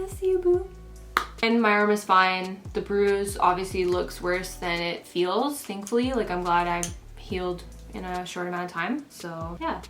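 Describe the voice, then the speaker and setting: A woman beauty vlogger talking casually through a makeup tutorial and a story, chatty and full of "like" fillers. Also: medium pitch. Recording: roomy echo.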